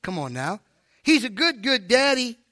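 An older man preaching a sermon at a live church service, animated and preachy, with joking asides. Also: extremely high pitch, normal speed, dry recording, clean studio sound. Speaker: pastor.

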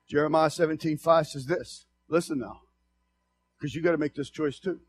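A male preacher with a strikingly high voice delivers a sermon to his congregation. He is passionate and emphatic, ranging from loud exhortation to low, confiding asides. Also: steady tone, normal speed, slight background noise.

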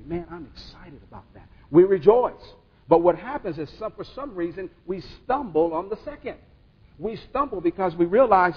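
A man's voice: on the high side, lively intonation, brisk, slightly rough. A man preaching a sermon in a call-and-response way, building to emphatic bursts. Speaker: pastor. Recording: dull sound with long hall reverb.

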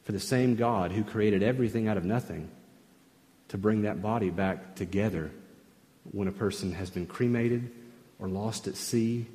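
A pastor preaching a sermon, emphatic at times and dropping to a near hush at others. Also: male voice, fairly low pitch, normal speed. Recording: long reverb of a large hall.

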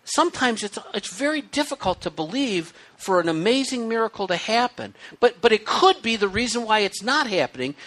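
A man preaching a sermon with hiccups, reading scripture aloud and explaining it in an animated, conversational way. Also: very high voice. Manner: animated, conversational teaching with asides. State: has the hiccups.

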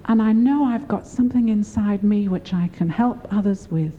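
A woman's voice: moderate pace, phone-quality sound, a little hiss or hum. An older woman preaching a sermon, encouraging and often laughing as she speaks. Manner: warm, laughing, encouraging, lively pitch swings.

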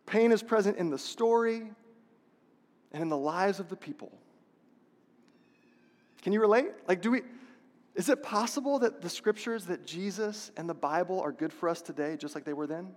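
A man's voice: high-pitched, normal speed, long pauses. A man preaching a sermon as a pastor, passionate and repetitive, asking the congregation rhetorical questions. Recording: long reverb of a large hall.

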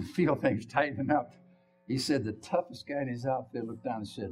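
A male preacher in full sermon flow, his mid-range voice leaping up in loud bursts and dropping to near whispers. He keeps turning to the congregation with questions. Faint music hangs quietly behind him. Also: medium pitch, fairly quick. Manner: animated storytelling, swinging from loud exclamations to hushed whispers.

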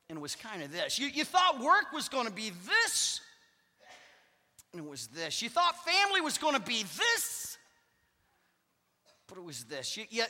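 A pastor preaching a sermon, with emphatic declarations that drop to hushed asides. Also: male voice, very high voice. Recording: long hall reverb.

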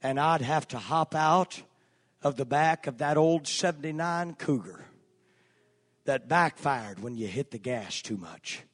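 A man preaching a sermon, telling a personal story in a folksy, earnest way with filler pauses. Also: mid-range voice, lively intonation. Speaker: pastor. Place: church sanctuary. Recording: long church hall reverb, faint music.

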